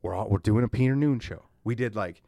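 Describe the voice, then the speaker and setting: A man's voice: lowish voice, a little fast, creaky, no echo, clean studio sound. A man co-hosting a podcast, telling loose, profane stories in casual chat, full of "like" and "man". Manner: animated, profane storytelling with frequent "like" and "man". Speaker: podcast co-host.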